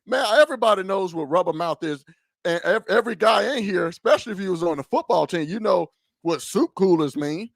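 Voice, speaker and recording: High gravelly man ranting. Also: a little fast, no echo, clean studio sound. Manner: animated, mocking, stammering restarts. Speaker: podcast host. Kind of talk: heated political commentary.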